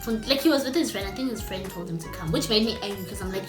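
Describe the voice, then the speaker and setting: A young woman telling a story to her viewers in a chatty, animated way. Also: mid-range voice, fast. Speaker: vlogger. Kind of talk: casual storytime. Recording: echoey room with faint music.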